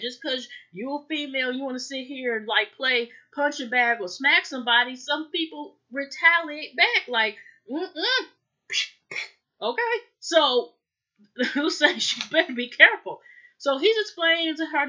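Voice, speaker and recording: A woman's voice: a little high, sharp tone, muffled recording. A woman hosting a casual TV recap, rambling and chatty, often calling out to viewers. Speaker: reality TV review host.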